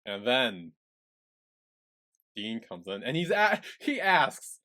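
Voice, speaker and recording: A man chatting casually on a podcast, retelling scenes from a show. His pitch swings up and down a lot as he talks, giving the recap a lively, animated feel. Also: slow. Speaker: podcast co-host.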